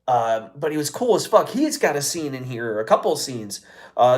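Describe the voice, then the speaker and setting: An American man hosting a live show, talking casually and excitedly, with heavy swearing and many fillers. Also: a little high. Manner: excitable, profane, lots of fillers. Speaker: podcast host. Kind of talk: casual live-stream chat.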